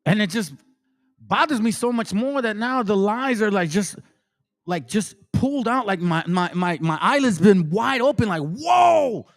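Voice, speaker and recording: A grown man with a high, expressive voice streams live at a moderate pace. As a streamer and religious commentator, he gives impassioned, emotional, preachy commentary to his viewers, peppered with slang like "man" and "bro."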